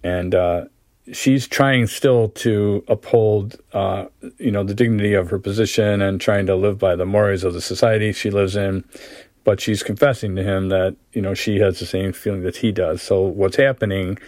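Low-voiced man reading a story aloud. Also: no room sound. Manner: measured, steady reading; plain explaining with fillers. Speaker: literature teacher.

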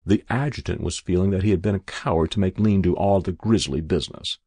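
Give me a gravelly man narrating an audiobook calmly, recorded dry and close. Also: low voice, no echo. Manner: measured, even storytelling.

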